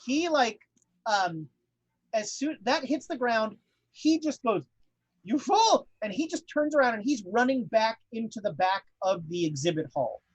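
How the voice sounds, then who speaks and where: A man's voice: sits high, lively intonation, normal speed, no echo, highs cut off. A man narrating a tabletop horror game as game master, rambling with many fillers.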